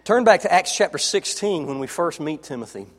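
High-voiced preacher in a reverberant hall. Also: male voice, lively intonation, fairly quick. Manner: dramatic, acts out quoted dialogue, drops to soft low tones. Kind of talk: sermon.

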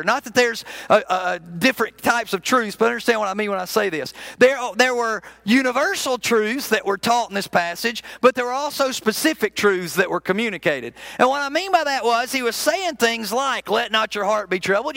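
High, gravelly-voiced preacher telling stories. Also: male voice, sharp tone, no echo. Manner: folksy, conversational storytelling with frequent restarts. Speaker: minister. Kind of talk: sermon with storytelling.

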